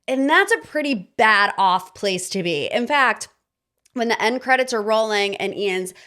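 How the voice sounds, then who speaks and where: A woman in her thirties hosting a podcast, giving casual pop-culture commentary in an animated, sarcastic, ranting manner. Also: on the high side, a little slow. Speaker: podcast host.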